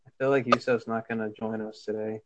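A man's voice: lowish voice, flat delivery, fairly quick, highs cut off, noisy background. A young man from Minnesota, co-hosting a casual podcast, giving short, hesitant replies. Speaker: podcast co-host. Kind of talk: casual chat.

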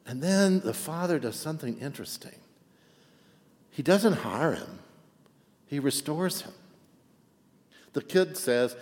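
A man's voice: fairly high pitch, moderate pace, long pauses, big-room sound. A man preaching a sermon in a chatty way, often checking in with the congregation with "right?". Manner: conversational, frequent "right?" asides, animated. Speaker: pastor.

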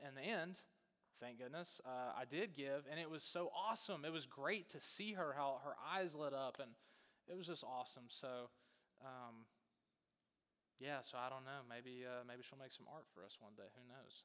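A man preaching, telling a story in a casual, animated way with many fillers. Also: mid-range voice, normal speed, long reverb tail. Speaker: pastor.

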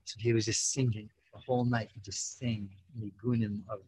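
A man's voice: fairly low pitch, moderate pace, slight background noise, rough recording. A young man, telling a personal story casually many fillers, acting out quotes. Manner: animated, full of 'you know, like' fillers, acts out quotes.

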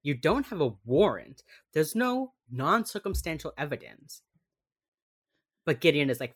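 Young woman, low-pitched, animated, casual podcast chat, acting out quotes. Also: normal speed, husky. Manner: chatty, acts out quotes with sudden yells. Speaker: podcast co-host recapping a TV episode.

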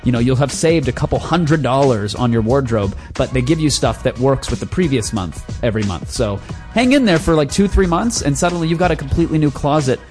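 A man's voice: medium pitch, lively intonation, brisk, a little mellow. Male podcast host, casual and jokey, swears freely, medium voice, faint music bed. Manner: loose, joking, swears freely. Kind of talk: casual chat and ad read.

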